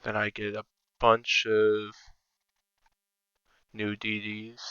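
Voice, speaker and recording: A man's voice: fairly low pitch, monotone, takes it slowly, pauses often, pushed and bright, smooth, no room sound, dull audio. A man giving casual, think-aloud commentary over his own strategy game, sometimes counting under his breath. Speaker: strategy game video creator.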